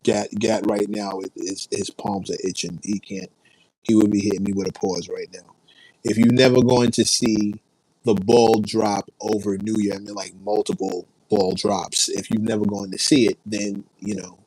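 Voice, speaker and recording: A man's voice: lowish voice, flat delivery, moderate pace, darkish tone, dry recording, rough recording. Laid-back New man chatting live. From New York. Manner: rambling, laid-back, reads and answers chat. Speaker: livestream host. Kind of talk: casual livestream chat.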